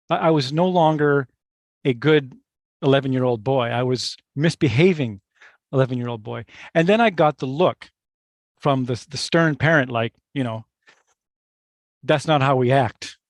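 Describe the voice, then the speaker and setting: A middle-aged man who teaches meditation, telling a personal story in a workshop in a reflective, halting way, with restarts and asides to the listener. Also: fairly high pitch, no room sound, studio quality.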